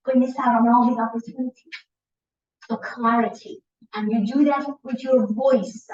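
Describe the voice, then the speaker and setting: A middle-aged woman giving a seminar to a class as a communication coach, demonstrating points by shifting her tone and pace. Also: a little high. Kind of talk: lively presentation to a class. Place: lecture room. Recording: roomy, distant, dull lecture-hall recording.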